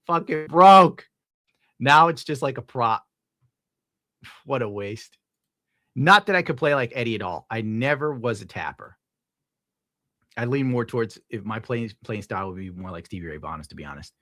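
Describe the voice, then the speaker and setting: A man's voice: medium pitch, a bit bright, no room sound. Youngish guy rambling n swearing on stream, mid voice, dry close sound. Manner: profane, rambling, laid-back. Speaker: streamer reading donations. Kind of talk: casual rant to viewers.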